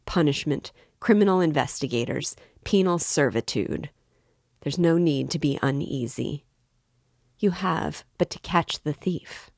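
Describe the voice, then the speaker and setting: A woman reading aloud, voicing a calm, brooding young man who answers in a measured way. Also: low voice, dry recording, clean studio sound, heavily acted. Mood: cool.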